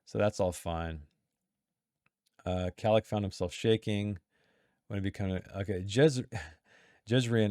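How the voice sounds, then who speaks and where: A man's voice: on the low side, slow, long pauses, warm tone, no room sound. Chatty man with a dry, close voice. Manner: chatty, self-interrupting, reads passages aloud. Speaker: writer giving editing critique. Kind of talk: casual critique reading from a text.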